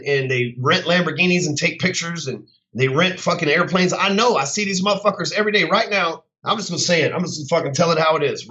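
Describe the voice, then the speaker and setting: Brash male coach with a tense, high voice, cursing through an off-the-cuff rant on muffled, lo-fi audio. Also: bright, forceful tone. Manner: profane, blunt and combative. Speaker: business coach. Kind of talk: unscripted rant to camera.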